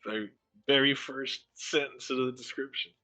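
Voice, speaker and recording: A man's voice: mid-range voice, fairly even intonation, moderate pace, bright, forceful tone, faint music behind. A man at a tabletop game, cracking jokes and laughing. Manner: joking, laughing. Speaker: player.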